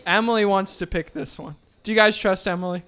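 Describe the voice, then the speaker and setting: High-voiced, bright, joking male emcee. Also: a little fast, slight background noise. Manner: joking, playful banter with the crowd. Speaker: raffle emcee at a fundraiser event. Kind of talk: live event announcing. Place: indoor event venue with a live audience.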